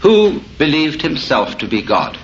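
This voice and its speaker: Middle-aged male lecturer, wry storyteller, animated delivery, lo-fi recording. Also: a little high, a little slow. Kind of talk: public lecture to an audience. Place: lecture hall with audience. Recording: dull lo-fi tape of a lecture with faint hiss.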